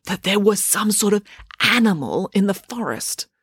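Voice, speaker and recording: A woman's voice: medium pitch, sing-song, moderate pace, a bit bright, breathy edge, no echo, clean studio sound, pitched above the performer's own voice, heavily acted. A woman voicing a self-important female mayor who speaks in a bossy, demanding way. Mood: imperious.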